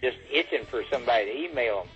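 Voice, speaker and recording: A man's voice: mid-range voice, fairly bright tone, slightly rough, faint music behind. Dry joking man over a dull phone line. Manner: dry, joking, drawling with pauses. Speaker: phone guest. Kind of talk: casual chat.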